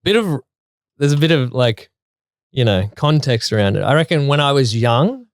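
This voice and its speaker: A man's voice: medium pitch, lively intonation, normal speed, no echo. Rambling man, dry podcast mic. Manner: laid-back, rambling with fillers. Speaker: podcast co-host. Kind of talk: casual chat.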